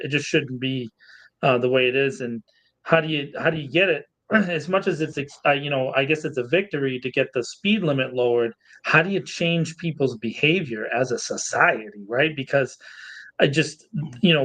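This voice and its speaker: A man's voice: medium pitch, normal speed, fairly bright tone, rough recording. A man co-hosting a local podcast, chatting in a loose, friendly way, laughing often and repeating words. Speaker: podcast co-host. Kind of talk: casual podcast chat.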